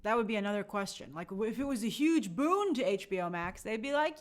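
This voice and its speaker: A young woman runs a live stream, chatting casually and reading viewer comments and names aloud in a friendly way. Her mid-range voice has lively intonation and moves a little fast.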